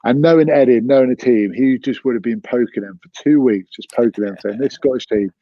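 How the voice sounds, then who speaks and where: A man who played rugby, chatting in a podcast with an animated, teasing manner. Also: mid-range voice, brisk, dry recording, dull audio. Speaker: podcast guest, former rugby captain. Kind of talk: casual chat.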